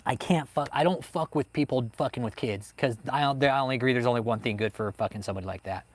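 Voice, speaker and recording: A man's voice: medium pitch, quick pace. A man hosting a livestream, ranting heatedly and swearing constantly as he answers chat. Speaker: host of a livestream on cults. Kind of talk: profane livestream rant, reading chat.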